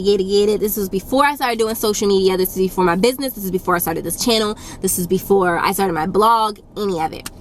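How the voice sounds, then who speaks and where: A woman's voice: mid-range voice, a bit bright. A young woman tells a casual storytime to her camera in a blunt, no-nonsense, sassy way. She hammers her points home by repeating them. A faint hiss sits under her close-miked voice. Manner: blunt, firm and sassy, with emphatic repetition. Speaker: YouTube storyteller.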